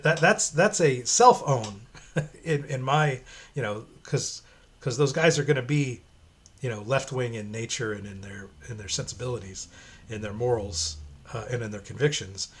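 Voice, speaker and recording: A man's voice: mid-range voice, fairly bright tone. A man giving casual, profane, opinionated commentary while reading a comic aloud. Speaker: comic reviewer.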